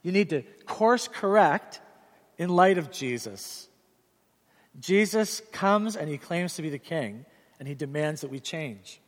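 A man's voice: a little high, lively intonation, a little slow. A middle-aged man preaching a sermon as pastor, earnest and direct, telling stories with animation. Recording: reverberant hall sound.

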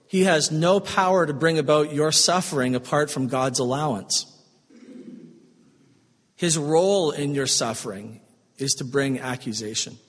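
A man preaching a sermon, swinging between strong emphasis and hushed, slow, tender passages. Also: a little high, long reverb tail. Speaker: pastor.

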